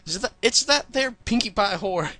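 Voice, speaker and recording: A folksy, hot-tempered farm pony mare from a cartoon fanfic, read aloud by a man. The voice is bright and fairly high, swinging up and down a lot, with barely a trace of a country accent. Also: animated, a little fast, dry recording. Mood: angry. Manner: plain voice, half-hearted attempt at a country accent. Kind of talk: comedic fanfic reading.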